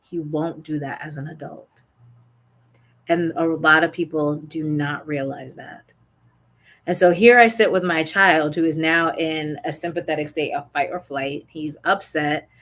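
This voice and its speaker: A woman's voice: deep voice, a bit bright. A young adult woman and parent coach, candidly telling a personal parenting story with small restarts.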